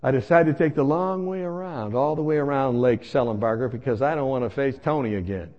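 A man telling a comic personal story in an animated way, acting out voices and laughing as he goes. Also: medium pitch, brisk, lo-fi sound.

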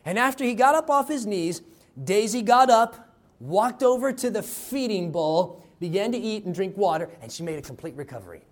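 A man preaching a sermon, telling a story with dramatic swings in loudness. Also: high-pitched, expressive, normal speed. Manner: dramatic, varies loudness for effect.

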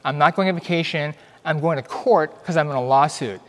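A middle-aged man, a doctor, giving an earnest, conversational testimony talk at church with animated storytelling. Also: a little high, brisk, in a large hall, a little hiss or hum. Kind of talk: church presentation, personal testimony.

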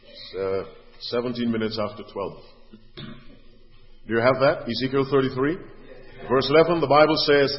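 A man preaching a sermon, dropping to quiet asides and then rising to loud, pleading questions. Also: medium pitch, measured pace. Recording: dull audio with long hall reverb.

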